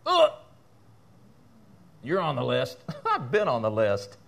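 A man preaching a sermon as pastor in a church, fiery and animated, breaking into laughter and asides. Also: mid-range voice, takes it slowly, creaky.

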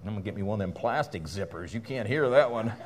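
A man preaching a sermon as pastor in a church, fiery and animated, breaking into laughter and asides. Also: lowish voice, quick pace.

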